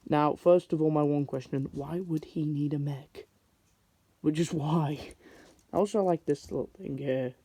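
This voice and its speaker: A man talks through a toy review in a loose, rambling way, dropping filler likes as he goes. His voice sits a little high but sounds soft and mellow. The recording is dry and close, with no room sound. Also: no echo. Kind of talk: casual product review.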